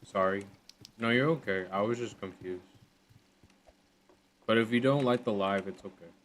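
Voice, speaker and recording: A man's voice: fairly low pitch, normal speed, a little hiss or hum. A young man chatting casually on a livestream, thanking viewers again and again and running himself down, easily flustered.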